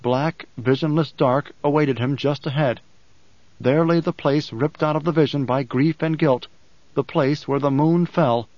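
A male audiobook narrator reading in a measured, solemn manner. His voice sits a little higher than most men's. The recording is dry and slightly dull, with a lo-fi feel. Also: dry recording. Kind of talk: scripted narration.

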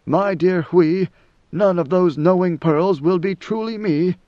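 A man reading an audiobook and voicing an ancient godlike male emperor who speaks slowly and gravely. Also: sits high, dry recording, voice pushed up. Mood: solemn. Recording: dull lo-fi dry recording.

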